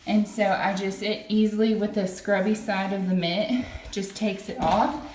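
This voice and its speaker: A woman's voice: mid-range voice, fairly even intonation, measured pace, noisy background. Chatty woman in an echoey bathroom. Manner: chatty, explains while scrubbing. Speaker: product demonstrator. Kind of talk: casual how-to demonstration. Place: home bathroom, at the shower. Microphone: camera set back from the speaker. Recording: echoey tiled bathroom from a distance.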